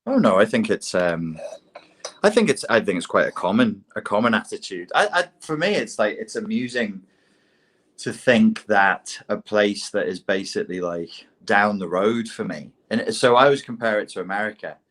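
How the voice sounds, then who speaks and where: A British man co-hosting a casual podcast chat, telling animated, self-mocking stories. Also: lowish voice, moderate pace. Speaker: podcast co-host.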